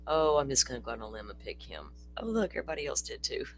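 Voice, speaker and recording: A tired, chatty livestream host drifts from thought to thought, laughing often and cursing casually. The voice sits at an everyday middle pitch. A faint hum lies under the recording. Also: very animated, fast. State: tired, yawning. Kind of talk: casual true-crime livestream chat.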